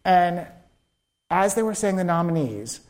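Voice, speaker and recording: A screenwriter guest in a live onstage interview tells stories in a high, slightly slow voice. He's an animated storyteller, acting out quotes and laughing often.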